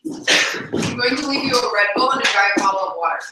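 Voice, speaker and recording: A woman's voice: a little high, a little fast. A woman chatting casually as co-host of a live reading stream, wry and bantering. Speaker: co-host and reader. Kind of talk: casual chat. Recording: echoey room, distant mic, background noise.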